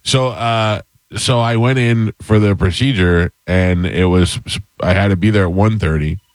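A man's voice: lowish voice, a little slow, dry recording. A man hosting a chat show, telling a long personal story in a casual, rambling way with self-deprecating jokes. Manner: rambling, animated anecdote with self-deprecating humor. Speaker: podcast host.

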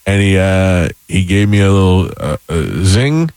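A man's voice: sits low, animated, a little slow, a little mellow, clear, resonant tone, dry recording, poor audio. A man hosting a casual chat show, telling a long rambling story with self-deprecating humor.

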